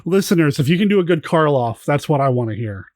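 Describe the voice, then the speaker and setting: A man's voice: fairly high pitch, expressive, fast, a little mellow, no echo. A man hosting a podcast, asking his guest quiz questions in casual chat and laughing often. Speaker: podcast host.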